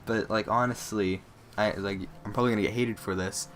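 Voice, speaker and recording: Excitable young man with a low voice. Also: fairly quick, a little hiss or hum. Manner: excitable, acts out quotes, many "like"s. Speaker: vlogger. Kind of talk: casual storytelling to camera.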